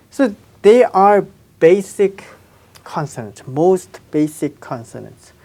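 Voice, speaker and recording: A woman's voice: fairly low pitch, a little mellow. A woman teaching a language lesson, patiently repeating sounds and checking in with her students. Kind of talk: slow explanatory lesson with spoken examples.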